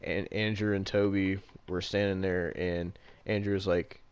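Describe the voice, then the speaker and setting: A man's voice: deep voice, little pitch movement, a little slow, clean tone. A man in casual chat, retelling a movie plot in a rambling way, with lots of "like" fillers and casual swearing.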